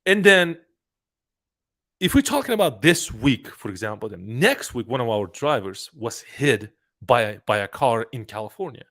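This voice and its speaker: A young man who owns a trucking business, talking casually and giving advice in an animated way, often repeating words and starting sentences over. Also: medium pitch, moderate pace.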